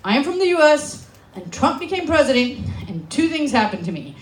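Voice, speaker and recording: A young American woman from Alaska doing a stand-up comedy set on a club stage, brash, sarcastic and full of swearing, with quick asides to the crowd. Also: high voice, very animated, roomy sound. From Alaska, USA.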